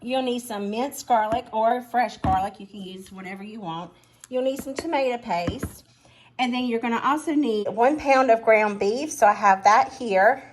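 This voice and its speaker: A woman's voice: fairly high pitch, normal speed. A woman hosting a casual cooking vlog in her home kitchen, chatty and self-deprecating as she talks straight to her viewers. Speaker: cooking channel host. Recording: clear kitchen noise behind. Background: pots, pans and whisking.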